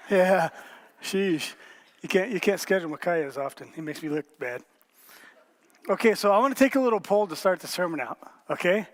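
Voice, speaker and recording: A man's voice: high voice, brisk. A male pastor giving a joking, conversational sermon and polling his congregation. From rural area.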